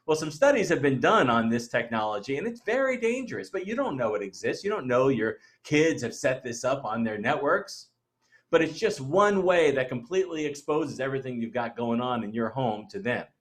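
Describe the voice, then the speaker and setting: A man presenting a webinar in a conversational, emphatic way, often asking the listeners rhetorical questions. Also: mid-range voice.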